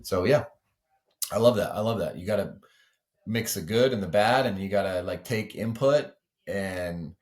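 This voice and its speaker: A man's voice: fairly low pitch, moderate pace. A man, a weightlifting coach, speaking as a podcast guest in casual, earnest conversation, explaining with many 'like' and 'you know' asides.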